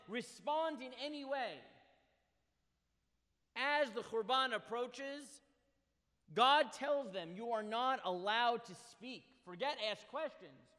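A man's voice: sits high, sharp tone. Earnest lecturing man in a reverberant hall. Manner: reads Hebrew verses and translates them aloud; earnest, emphatic explanation. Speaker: Torah teacher. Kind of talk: text study lecture.

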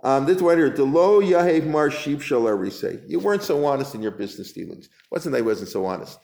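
A man's voice: medium pitch, animated, a little fast, vocal fry, a little mellow. A man teaching an informal Talmud class, reading Aramaic lines and paraphrasing them in loose, conversational English. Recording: echoey room.

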